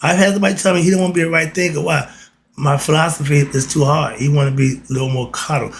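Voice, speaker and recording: A man's voice: a little high, fairly even intonation, fast talker, gravelly, slight background noise. A man giving a casual spiritual talk, asking himself rhetorical questions and answering them. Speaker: spiritual teacher.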